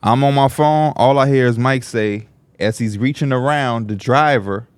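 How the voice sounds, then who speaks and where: A podcast co-host speaks at a moderate pace in a smooth voice, with no room sound. He tells stories in casual chat, animatedly acting out the people he quotes with big jumps in pitch.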